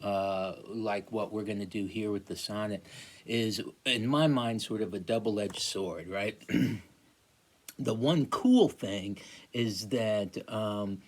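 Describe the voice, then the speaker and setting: A man lecturing a class, halting, with many fillers and restarts. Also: fairly low pitch. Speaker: teacher.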